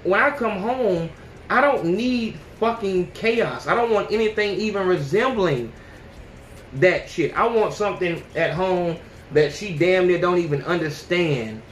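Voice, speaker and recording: A man's voice: high-pitched, animated, measured pace. A man hosting a podcast, giving blunt and heavily profane opinions in a casual monologue. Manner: blunt and heavily profane, often says "you know what I'm saying". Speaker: podcast host. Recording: echoey room with faint noise.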